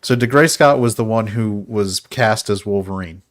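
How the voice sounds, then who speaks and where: A man's voice: fairly low pitch, moderate pace. A man co-hosting a podcast in casual chat, explaining film trivia and laughing often. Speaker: podcast co-host.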